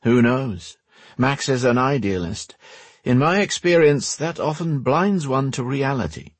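A man's voice: mid-range voice, expressive, a little slow, husky, no room sound, pitched above the performer's own voice. A man voicing a dry, offhand young male mage. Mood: wry.

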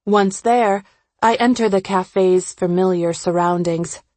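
A woman narrates a first-person audiobook in a gentle, reflective manner. She reads slowly, giving each sentence room. The recording is dry, with no room sound. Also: medium pitch, no room sound.

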